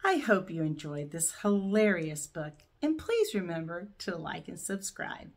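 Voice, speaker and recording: A woman hosting a channel, reading a children's picture book aloud in a gentle, expressive way. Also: fairly low pitch, a little slow. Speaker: storyteller host.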